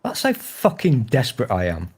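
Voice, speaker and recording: A man's voice: mid-range voice, huge pitch swings, normal speed, a little mellow, slightly rough. A man in his thirties with a Northern English accent, chatting casually, swearing freely and teasing himself and others. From Northern England. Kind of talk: casual chat.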